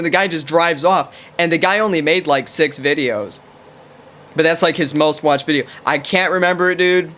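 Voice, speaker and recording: A man with a fairly high voice rambles through a casual, profane monologue to camera. He piles on fillers like "you know" and "like" as he talks. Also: brisk, fairly bright tone. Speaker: vlogger.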